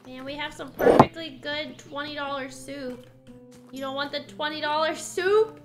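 A woman's voice: sits high, moderate pace, over loud music. A woman streamer chatting casually over a simulation game, laughing often and exclaiming at what happens. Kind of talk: casual gameplay commentary.

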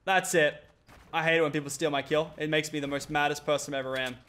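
A young man giving excitable, playful commentary over a mobile battle royale match. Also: a little high, very noisy. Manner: excitable, quick reactions, playful trash talk. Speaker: gaming YouTuber. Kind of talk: gameplay commentary.

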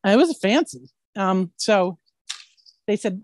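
A woman actress tells stories as an interview guest in a lively, rambling way and keeps checking in with "right?". Her voice sits a little low. The sound is dry and close, with no room echo. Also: normal speed. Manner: animated storyteller, keeps asking "right?". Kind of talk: casual anecdotal interview.

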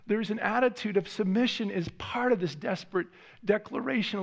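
A man's voice: high-pitched, normal speed, vocal fry, highs cut off. A male pastor preaching a sermon in a church, earnest, often repeating words as he voices heartfelt prayers. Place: church sanctuary.

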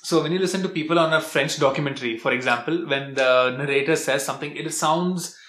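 A young man from India, giving a relaxed, chatty vlog tutorial full of restarts. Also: fairly high pitch, brisk, reverberant. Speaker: language vlogger.

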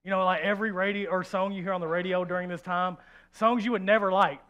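A man preaching a sermon, animated and joking, swinging from hushed asides to loud outbursts and acting out quoted voices. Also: sits high, fast, dull audio. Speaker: pastor.

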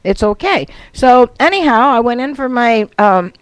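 A woman's voice: a little high, normal speed, clear, resonant tone, no echo, low-quality recording. A woman guest on a radio talk show, telling a long rambling story in casual chat.

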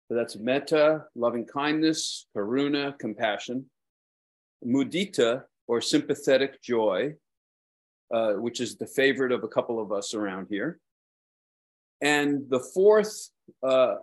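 Man, Brooklyn accent, Buddhist dharma talk, meandering, hesitant, self-deprecating. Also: mid-range voice.

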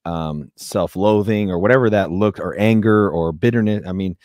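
A man co-hosting a podcast, chatting casually, often pausing on ums and restarting his sentences. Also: low-pitched, darkish tone, no room sound, clean studio sound. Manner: searching for words, many ums and restarts. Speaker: podcast co-host.

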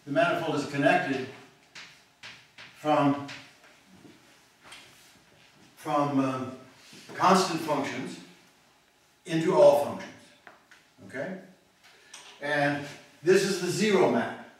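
A male mathematics professor lectures at a university, thinking aloud, restarting often, and checking in with the class by asking "okay?". His voice is on the high side, slow, with frequent pauses. A distant room mic in a large lecture hall captures him with heavy echo and faint noise.

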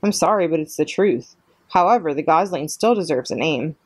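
A woman's voice: low voice, expressive, normal speed, darkish tone, husky, no echo. A woman reading aloud, voicing a blunt, bossy old female goose who squawks and lectures.

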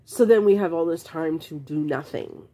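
A woman's voice: deep voice, moderate pace, mellow. A woman vlogging to camera, frankly telling her own story in a casual, exasperated way, rambling with restarts.

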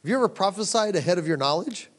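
A man preaching at a conference, slightly higher-pitched than most men, speaking in a loose, storytelling way. He moves between lively, raised passages and hushed, low asides when he quotes himself. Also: very fast. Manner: storytelling, conversational, animated; drops to hushed tones for quoted moments. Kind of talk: sermon. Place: conference hall.

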